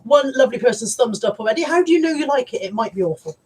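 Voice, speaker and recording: A woman's voice: fairly high pitch, lively intonation, rapid-fire, darkish tone, breathy edge. A woman hosting a live stream, chatting casually and teasing her viewers with lots of laughs. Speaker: livestream host. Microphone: camera mic on a live stream. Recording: slightly distant from the mic.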